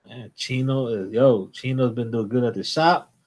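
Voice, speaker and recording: A man co-hosting a casual comics livestream, excited and enthusiastic as he chats. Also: medium pitch, moderate pace. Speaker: co-host.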